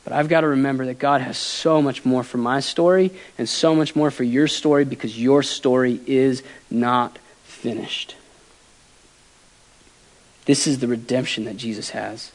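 A man preaching a sermon as pastor, earnest and emotional, swinging from loud emphasis to quiet softness. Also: mid-range voice, steady tone, measured pace.

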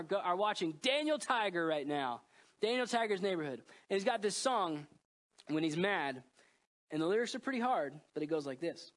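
A pastor in his thirties delivers a sermon with earnest emotion, swinging from loud pleas to hushed lines. His voice sits high.

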